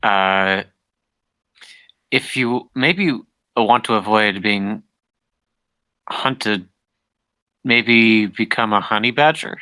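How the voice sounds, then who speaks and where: Slow, smooth-voiced man at a game table. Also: lowish voice, pushed and bright, rough recording. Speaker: player. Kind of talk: casual chat at a gaming table.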